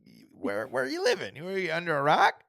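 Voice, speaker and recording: A man co-hosting a casual podcast, recapping an episode with laughter and quick bits of voices. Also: high voice, creaky, no echo. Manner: animated, laughing, recaps scenes and does voices. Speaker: podcast co-host.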